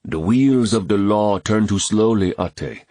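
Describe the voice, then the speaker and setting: A man's voice: lowish voice, dark tone, dry recording, studio quality, pitched above the performer's own voice, natural voice. A man voicing a menacing old chief. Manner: commanding, measured. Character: proud, menacing older male village chief.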